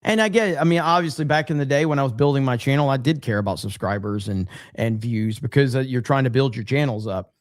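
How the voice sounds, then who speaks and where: A man's voice: medium pitch, dry recording, clean studio sound. A man hosting a casual commentary stream, talking bluntly and repeating his points for emphasis. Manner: blunt, repetitive emphatic talk. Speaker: show host.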